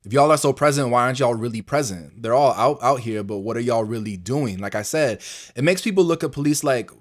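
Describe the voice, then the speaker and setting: Fast-talking, emphatic man. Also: medium pitch, animated. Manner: frustrated, emphatic questioning. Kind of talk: recorded interview clip.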